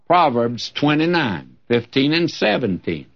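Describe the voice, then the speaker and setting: Older preacher guy, folksy and joking, voice jumps all over, slightly high, muffled old tape. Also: measured pace. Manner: folksy, lively preaching with humor and scripture quotes. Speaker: pastor. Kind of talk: sermon. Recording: dull lo-fi old recording.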